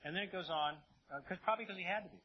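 A man teaching a Bible lesson to a congregation in an animated, conversational way, checking in with his listeners often. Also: high voice, rapid-fire. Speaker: preacher. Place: room with a congregation. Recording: dull lo-fi audio, faint hiss.

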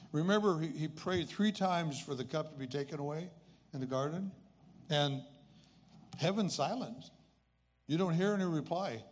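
A man's voice: on the high side, measured pace, long pauses. A man in his eighties telling a personal story as a faith testimony in an earnest, conversational way. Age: 80s. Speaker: speaker sharing a personal testimony.

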